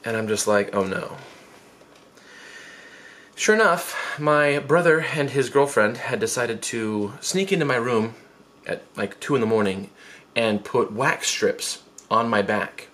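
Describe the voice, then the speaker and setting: A man in his twenties telling a comic story from his life, animated and self-mocking, jumping into squeaky quoted voices. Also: measured pace. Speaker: vlogger.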